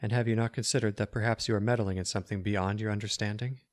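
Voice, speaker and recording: A man's voice: on the low side, steady tone, quick pace, dry recording, close to an everyday voice. A man voicing an anguished masked prophet of doom in a storybook reading, with a trembling, mournful voice. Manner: mournful and sorrowful.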